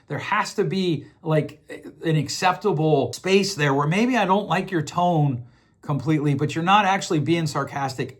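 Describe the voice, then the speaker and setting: Earnest man with a raised pitch. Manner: earnest, acts out short dialogues with quick shifts in voice. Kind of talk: direct-to-camera advice talk.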